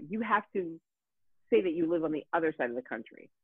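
A woman's voice: low-pitched, fast, breathy edge, no room sound. A woman tells a story in loose, casual talk. Her voice swings widely, and she swears often and restarts her sentences. The sound is thin, dry and tinny, like a phone line. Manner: animated, profane, frequent fillers and restarts. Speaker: guest.

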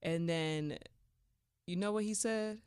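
A woman hosting a podcast, telling a personal story in a casual, animated way with slangy asides. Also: lowish voice, takes it slowly, clean tone, dry recording, studio quality. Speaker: podcast host.

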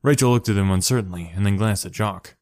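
Low-voiced man reading a story. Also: quick pace, no room sound, studio quality. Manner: steady narration, voices characters. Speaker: story reader.

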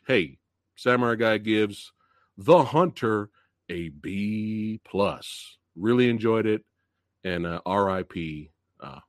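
A man's voice: fairly low pitch, no echo, studio quality. A man hosting a live movie review stream, chatting loosely and laughing a lot as he talks to viewers. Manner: excitable, laughs often, loose chatty slang; reads out chat messages and greets viewers. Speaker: movie review show host.

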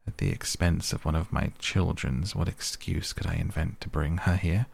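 A man voicing a frightened older merchant father in a bedtime story, pleading in a quiet read. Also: deep voice, normal speed, creaky, breathy edge, exaggerated voice.

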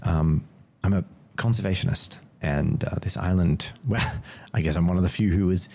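A man voicing an adventurous male conservationist and pilot, in a dry, slightly pompous, deadpan manner. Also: sits low, normal speed, gravelly, slight background noise, pitched below the performer's own voice. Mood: friendly.

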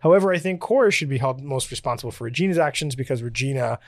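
A man's voice: mid-range voice, lively intonation, very fast, no echo. A man co-hosting a podcast, chatting casually and laughing often as he reads listener emails aloud. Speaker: podcast co-host. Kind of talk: casual chat. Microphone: podcast mic on video recording.

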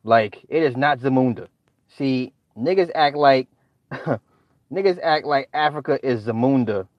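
A man's voice: mid-range voice, measured pace, no room sound, lo-fi sound. A middle-aged man hosting a livestream, ranting in a profane, exasperated way and laughing often as he talks. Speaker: livestream host.

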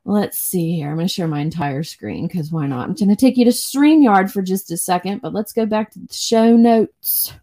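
A woman's voice: medium pitch, normal speed, hardly any pauses, mellow. Chatty, rambling young woman podcast host. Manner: chatty, rambling, swears freely. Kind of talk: casual livestream chat.

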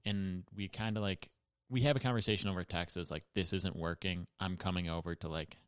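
A young man on a podcast, telling a story in casual chat, laughing often and getting animated. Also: low voice, a little fast, clear, resonant tone, no echo, clean studio sound. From Buffalo. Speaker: podcast guest.

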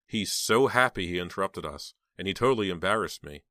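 A man's voice: sits low, expressive, brisk, bright, forceful tone, dry recording, clean studio sound. A man reading an audiobook and voicing a bitter, resentful teenage girl who speaks in a cold, scornful way.

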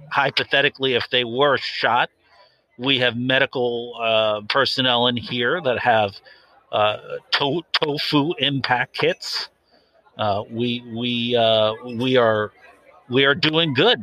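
A man's voice: mid-range voice, bright, forceful tone, dry recording, poor audio. A man playing a hesitant, defensive zone safety officer. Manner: hesitant, filler-heavy, defensive. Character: earnest young man, self-styled protest-zone safety officer. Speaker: interviewee. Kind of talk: improvised mock interview.

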